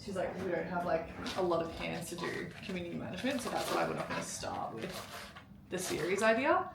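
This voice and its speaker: A woman's voice: on the low side, sing-song, vocal fry. A young woman vlogging at home in casual chat, chatty and wry, with lots of "like". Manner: chatty, wry, talks fast with many likes. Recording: echoey room, far mic, loud noise.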